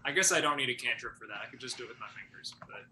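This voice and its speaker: A man's voice: medium pitch, racing, noisy background. A man playing in a tabletop game, hesitantly thinking aloud about his moves. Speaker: player. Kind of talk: casual chat at a tabletop game.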